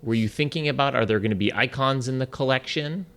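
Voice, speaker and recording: A man's voice: medium pitch, fast talker, a bit bright. A man hosting an interview, asking brief, curious questions. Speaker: interview host.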